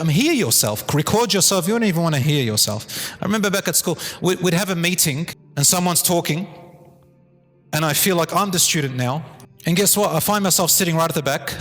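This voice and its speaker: Animated man lecturing in a reverberant hall. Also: a little fast. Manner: animated, drops to a low calm tone to demonstrate. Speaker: Islamic teacher giving a talk. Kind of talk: live talk to an audience. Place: hall with a live audience.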